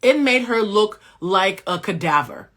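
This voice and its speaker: A woman hosting a pop-culture recap, sassy and talking straight to her viewers, swinging between loud exclamations and a soft, low voice. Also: expressive, a little slow. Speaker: host and cultural critic.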